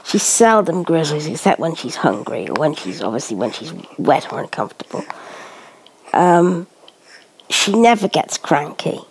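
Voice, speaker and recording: A woman vlogging casually while spoon-feeding a baby, cooing in baby talk and often dropping to a soft whisper. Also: sits low, very animated, moderate pace, vocal fry, husky.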